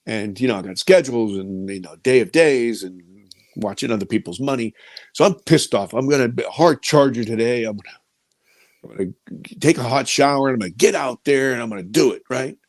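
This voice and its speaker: A middle-aged man, a film producer, telling a personal story in an interview, animated and emotional, swinging between loud and hushed. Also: mid-range voice, a little fast, dry recording.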